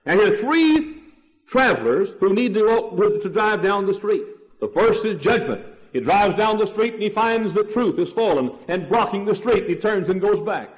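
A man preaching an old-fashioned sermon, repeating his points and rising to shouts on key words. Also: high voice, lively intonation, normal speed. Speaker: pastor. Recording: dull lo-fi 1968 sermon tape.

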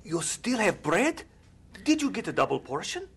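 A man's voice: high-pitched, wildly swooping pitch, normal speed, gravelly, a bit bright, soft background music, full character voice. An actor playing a despairing male prisoner in a labor camp, pleading in a radio drama. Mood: puzzled. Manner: pleading, desperate.

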